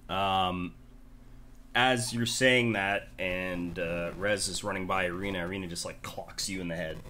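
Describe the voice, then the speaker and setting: A young man runs a tabletop game in loose, joking narration, full of fillers. His voice sits low but bright. Faint background noise is under it. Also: steady tone, a little slow. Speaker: game master.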